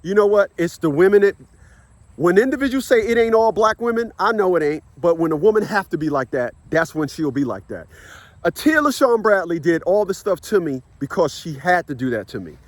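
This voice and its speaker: A man's voice: sits high, expressive, a little fast, dry recording. A man telling a personal story in a casual monologue. He rambles, repeats words for emphasis and swears bluntly. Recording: outdoor traffic noise.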